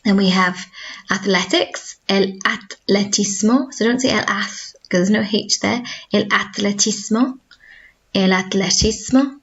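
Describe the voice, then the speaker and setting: A woman's voice: medium pitch, a little slow, fairly bright tone, muffled recording. A woman with a Welsh accent who teaches school languages, giving a recorded video lesson and explaining patiently, modelling each word more than once. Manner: clear, patient explaining with repeated model words.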